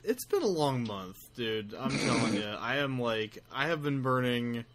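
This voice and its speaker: A man's voice: mid-range voice, animated, moderate pace, a bit bright. A tired man co-hosting a podcast, rambling casually through plugs for his projects. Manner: rambling, self-deprecating plugs. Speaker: podcast co-host. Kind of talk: casual chat.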